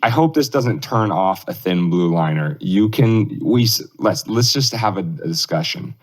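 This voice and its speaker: A man's voice: deep voice, lively intonation, moderate pace. A man co-hosting a casual political podcast, rambling through his points, laughing often and swearing loosely. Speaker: podcast co-host.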